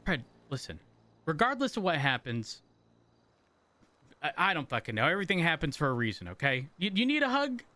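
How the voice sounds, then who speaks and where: A man's voice: on the high side, very animated, a little fast, pauses often. A man roleplaying a police officer, talking in a placating, teasing way. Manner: placating, teasing, with soft laughs. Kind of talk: GTA roleplay conversation.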